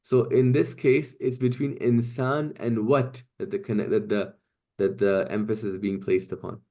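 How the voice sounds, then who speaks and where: A man's voice: lowish voice, flat delivery, normal speed, dark tone. A man teaching an online class, explaining step by step and often checking in with "right?" and "okay?". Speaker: Quranic Arabic teacher.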